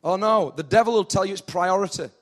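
Animated northern English preacher, fairly high voice. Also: male voice, quick pace. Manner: animated, acts out dialogue with rising intensity. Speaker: pastor. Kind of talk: sermon.

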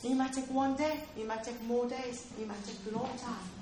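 High-voiced woman preaching in a roomy space. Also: steady tone, normal speed, mellow, slight background noise. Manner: conversational, keeps checking in with "okay?" and questions to listeners. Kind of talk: sermon. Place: room with a small responding audience.

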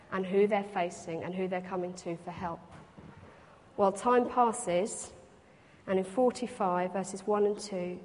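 A woman with a medium-pitched, darkish voice preaches a reflective sermon. She reads scripture aloud and then explains it to the congregation, with long hall reverb in the recording.

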